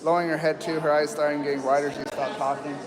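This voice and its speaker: A man with a slightly high voice narrates a live stream at a horse rescue, calm and meandering with plenty of ums. His voice carries a long echo, and a clear hum of voices from a crowd surrounds him. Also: fast. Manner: calm, rambling, soft-spoken with fillers. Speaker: livestream host at horse rescue. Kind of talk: live commentary. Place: outdoor horse pens with people around.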